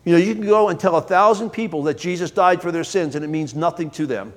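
A man preaching a sermon in church as pastor, earnest, swelling to emphatic peaks and then dropping low. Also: very animated, brisk, a little mellow, long reverb tail. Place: church sanctuary.

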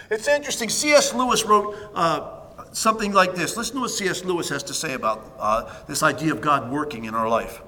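A pastor preaches in a high, ringing voice, swinging between hushed asides and loud, emphatic stresses. His words trail off into the long reverb of a church hall. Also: fairly quick. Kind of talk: sermon.

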